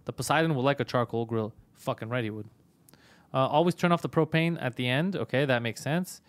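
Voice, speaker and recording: A man's voice: mid-range voice, brisk. A man hosting a comedy podcast in casual banter, swearing constantly and ranting with rising heat.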